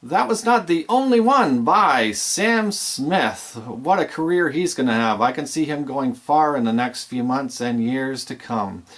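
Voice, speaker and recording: A man's voice: mid-range voice, expressive, a little slow, hardly any pauses, fairly bright tone. A man playing an enthusiastic DJ announcer who stretches his words into a big build-up. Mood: upbeat. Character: booming hyped-up male DJ announcer.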